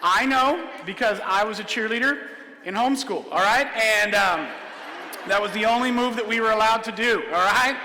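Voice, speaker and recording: A man performing a comedic illusion show for children, jokey and energetic, often checking in with "all right?". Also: sits high, normal speed. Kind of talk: comedic stage magic show for kids. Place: large church hall with high ceiling. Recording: echoey hall, live stream.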